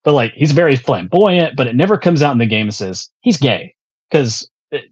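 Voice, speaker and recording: A man's voice: medium pitch, expressive, normal speed, breathy edge. A man chatting in a laid-back, meandering way on a podcast, sometimes searching for his words. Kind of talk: casual podcast chat. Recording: muffled lo-fi audio.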